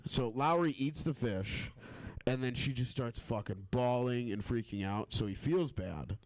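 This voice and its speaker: A man with a mid-pitched voice tells crude stories in loose, laid-back comedy banter. His delivery stays deadpan, and the sound is close and dry, with no room echo. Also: unhurried. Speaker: comedian podcast guest.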